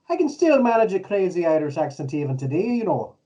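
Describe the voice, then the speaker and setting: Laid-back middle-aged male co-host, slightly higher voice, distant dull recording. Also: very animated, moderate pace, dark tone. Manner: laid-back, chuckling, storytelling. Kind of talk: casual chat. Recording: distant, muffled lo-fi mic.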